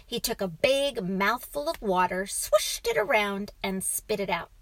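A woman narrating a children's storybook in a calm, even reading voice. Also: mid-range voice, unhurried, no echo, rough recording.

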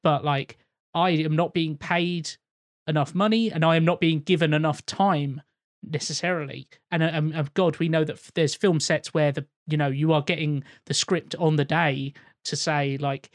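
A man's voice: fairly high pitch, steady tone, normal speed, dry recording, studio quality. A man co-hosting a podcast, talking thoughtfully about actors' work, hesitant and full of fillers. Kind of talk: casual chat about acting.

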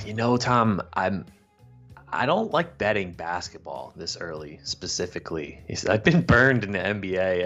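A man's voice: low voice, a bit bright, dull audio. A man co-hosting a sports betting podcast, laid-back, tossing in short agreeing replies. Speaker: podcast co-host. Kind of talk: casual betting chat.

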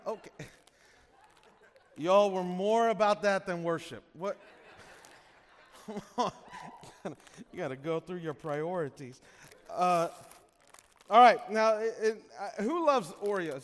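Upbeat pastor, high voice, big church echo. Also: male voice. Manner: playful, chatty, teasing the crowd. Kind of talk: sermon opening, casual and joking with the congregation. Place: large church auditorium. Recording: long church reverb.

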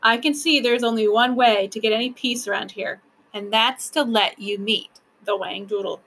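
An awkward but kindly male creature who guards the gates, as a woman reading aloud puts him on. He talks slowly and soothingly, with a bright, clear edge to the voice. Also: fairly high pitch, fairly even intonation. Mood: resigned.

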